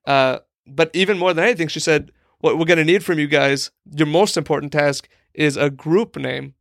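On a podcast, a young male co-host tells a casual, rambling comedic story, full of "like" and voiced impressions of the people involved. He speaks at a moderate pace in a gravelly, fairly bright voice pitched a little high, captured in a clean studio without echo.

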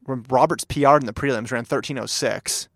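Regular-pitched guy hosting a sports chat, dry mic, excited storytelling. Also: brisk, vocal fry, no echo. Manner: enthusiastic, laughs while telling anecdotes.

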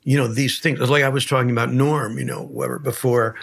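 Brief: man, very raspy gravelly voice, thoughtful halting talk. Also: medium pitch, fairly even intonation. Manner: slow, searching, halting phrasing. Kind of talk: casual chat.

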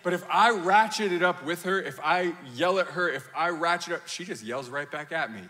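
Man in his thirties, pastor, animated storytelling sermon, bright forceful voice, long hall echo. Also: a little high, moderate pace. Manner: animated storytelling, acts out quotes, laughs at himself.

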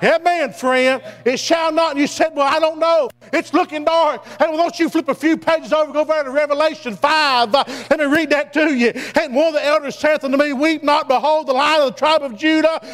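A man preaching a fervent sermon, peppering his lines with "uh, hey" and building up to shouts. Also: very high voice, steady tone, fairly quick, few pauses. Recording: long hall reverb.

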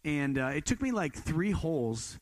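A man's voice: fairly high pitch, very animated, normal speed, no room sound. A man in his twenties preaching a sermon, telling a casual self-deprecating story with many restarts. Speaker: pastor.

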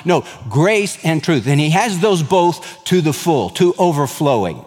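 Man, pastor preaching, fairly high voice, lively folksy asides, long hall reverb. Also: unhurried, hardly any pauses, faint music behind. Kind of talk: sermon.

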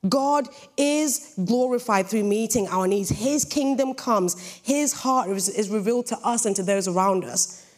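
A young British woman preaching a sermon with a lively, jokey storytelling manner. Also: fairly high pitch, measured pace. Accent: British English. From Britain.

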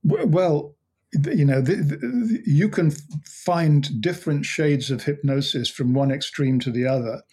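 A man's voice: on the high side, moderate pace, a little mellow, breathy edge. A man, a hypnotherapist guest in an interview, who tells stories about his clients with many restarts and acts out their dialogue. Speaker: hypnotherapist and mind coach, guest. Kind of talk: conversational interview.

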